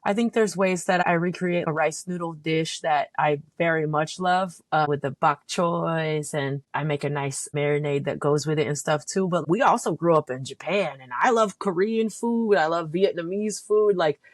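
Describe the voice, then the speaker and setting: A woman guest on a podcast with a lowish voice, talking in a lively, slangy way. She sounds keen and animated. The recording is dry and close. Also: normal speed, hardly any pauses, no room sound. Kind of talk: casual conversational interview.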